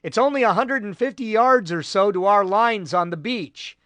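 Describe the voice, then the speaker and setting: A man's voice: high voice, moderate pace, sharp tone, no echo, voice pushed up. A man voicing a Marine captain who gives firm orders to a wounded soldier. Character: Marine captain, steady commanding officer.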